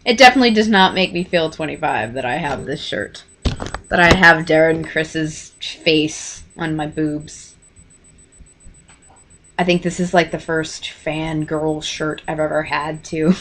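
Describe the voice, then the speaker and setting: Excitable, bright-voiced young woman vlogger. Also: sits low, unhurried. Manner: rambling, excitable, gushing fan. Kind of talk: casual storytime chat.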